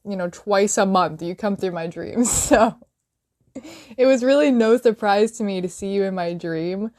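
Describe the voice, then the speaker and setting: A woman's voice: mid-range voice, darkish tone. A woman chatting casually about a dream, rambling with many fillers and laughing often. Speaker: friend sharing a dream. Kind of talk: casual emotional chat.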